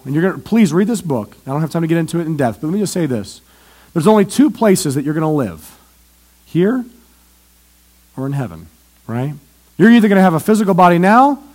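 A male pastor preaching a sermon in a church, animated and often questioning the audience. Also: on the high side.

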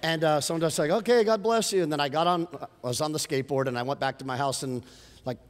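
A middle-aged man preaching a sermon as pastor, telling stories in an animated way and rising to emphatic points. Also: a little high, quick pace. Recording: long hall reverb.

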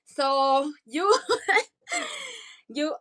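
A woman's voice: sits high, very animated, drawn-out words, a bit bright. A woman speaking in a heartfelt, emotional, grateful way to an online audio room.

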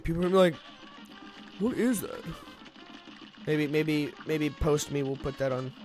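A young man doing casual, jokey let's-play commentary, rambling and breaking into loud outbursts when he fails. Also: a little high, fairly even intonation, fast, soft background music.

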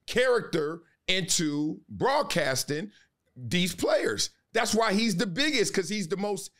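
This podcast guest, a sports commentator, talks in a relaxed, slangy interview style and presses hard on his points. His voice is fairly high for a man, swings widely in pitch and moves slowly, with loose, animated, steady emphasis.

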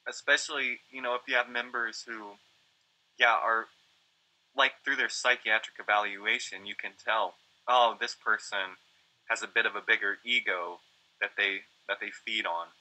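A man with a lowish voice and a very bright tone chats easily as a guest. He agrees readily and adds his own reflective thoughts. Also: fairly even intonation, moderate pace, low-quality recording. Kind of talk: casual chat.

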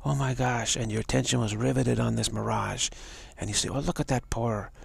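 A man giving a live spiritual talk, halting and repeating words as he tells a story and acts out the voices in it. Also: medium pitch, steady tone, vocal fry, husky, no echo. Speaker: spiritual teacher.

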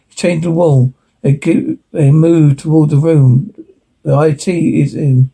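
A man narrates a film script in a mellow, slightly husky voice that sits a touch high for a man. His reading is plain and unpolished, stumbling now and then and starting lines over. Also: steady tone, unhurried. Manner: plain reading with small slips and restarts.

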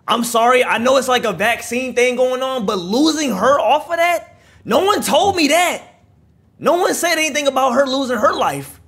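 A man's voice: very high voice, lively intonation, moderate pace, a bit bright, breathy edge. A man giving live, slangy reaction commentary while playing a video game, trash-talking the enemies. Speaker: gaming channel host.

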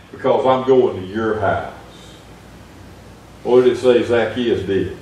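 A man's voice: on the low side, darkish tone, slight background noise. A man preaching an earnest sermon in a small church, retelling Bible stories with rising emphasis. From United States. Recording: echoey church room from far off.

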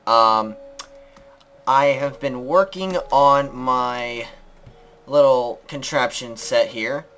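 A man's voice: drawn-out words, faint music behind. Chatty young man playing a game. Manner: chatty and playful, bursts into squeaky shouts at the game. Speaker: gaming channel host. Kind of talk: casual let's-play commentary.

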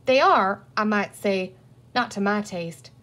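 A woman's voice: mid-range voice, lively intonation, slow, a bit bright. A woman reading a storybook aloud and voicing a sly, theatrical male pirate villain with a mock-courtly, gloating manner.

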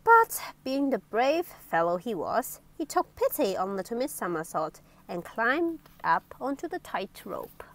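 A woman reading a children's storybook aloud in an expressive, playful way. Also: a little high, unhurried, hardly any pauses. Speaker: story reader.

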